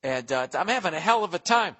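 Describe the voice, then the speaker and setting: A man in his forties hosting a solo podcast, rambling profanely. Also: fast talker. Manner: profane, rambling, animated swings in pitch and volume. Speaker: podcast host. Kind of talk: casual solo podcast rant.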